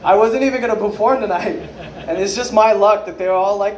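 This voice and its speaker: Rambling sweary stand-up guy, kinda high voice, echoey club. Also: normal speed, pauses often, darkish tone. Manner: loose, rambling, swears a lot, acts out people's lines. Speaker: stand-up comedian. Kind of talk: unrehearsed stand-up set. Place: comedy club stage with a live audience. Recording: echoey club room with crowd. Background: audience laughter.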